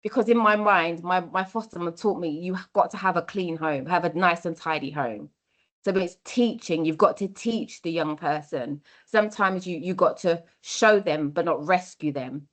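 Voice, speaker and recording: A woman's voice: fairly low pitch, normal speed. Earnest, encouraging woman speaker. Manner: earnest, encouraging, repeats key phrases. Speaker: workshop speaker on mentoring. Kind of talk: workshop talk.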